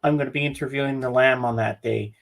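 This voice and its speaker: A man co-hosts a relaxed podcast, talking in a plain-spoken, easygoing way. His voice sits at a middle pitch. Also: fast talker, creaky. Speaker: podcast co-host. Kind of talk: casual chat.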